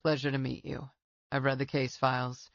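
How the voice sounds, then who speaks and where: A woman voicing a composed male executive and former soldier with a deep, slightly rusty voice, speaking with calm courtesy in an audiobook. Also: normal speed, vocal fry, no room sound, highs cut off. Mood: courteous.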